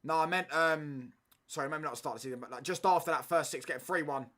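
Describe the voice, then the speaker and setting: A young man, talking casually over a live football match as a streamer. His voice is bright and forward, and his speech is loose and slangy, with "mate" and "bro" tagged onto most lines. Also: on the high side, fairly quick. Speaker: watchalong streamer. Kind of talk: casual football watchalong chat.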